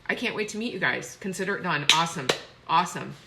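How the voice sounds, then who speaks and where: A woman's voice: fairly low pitch, animated, fast, creaky, heavy background noise. A woman chatting effusively while doing her makeup on a live stream. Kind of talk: casual live makeup tutorial.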